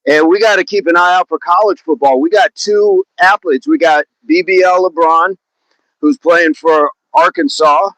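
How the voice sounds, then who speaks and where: In a low-quality recording with no echo, a man leads an outdoor fitness live stream in a park, casually and cheerfully greeting viewers by name and repeating words while warming up. His voice is a little high and a bit bright, at a moderate pace.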